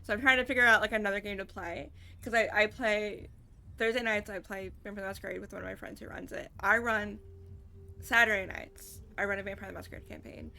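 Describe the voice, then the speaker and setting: A woman's voice: mid-range voice, fairly even intonation, brisk, vocal fry, sharp tone. A woman streamer chatting casually while she plays, rambling with many fillers. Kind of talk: casual gameplay chat.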